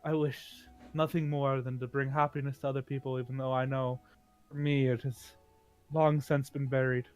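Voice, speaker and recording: A man's voice: mid-range voice, flat delivery, normal speed, smooth, faint music behind, lightly acted. A man playing a smiling, sorrowful adventurer who keeps his word, speaking earnestly and apologetically. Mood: somber.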